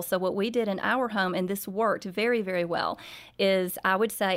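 A woman's voice: mid-range voice, steady tone, fairly quick. A middle-aged woman, a parenting author, earnestly telling an interviewer about raising her children with faith-based guidance. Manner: warm, sincere, faith-based parenting advice.

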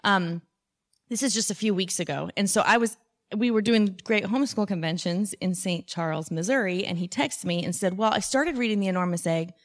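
Woman podcast host, casual storyteller, lively and warm-humored. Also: mid-range voice, a little fast. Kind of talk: casual conversation before a live audience.

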